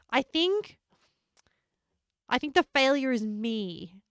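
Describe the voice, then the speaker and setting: A woman's voice: fairly high pitch, expressive, slow, a bit bright, smooth, no room sound. A woman streaming a game, chatting casually with her viewers, joking and laughing often, on a close desk microphone.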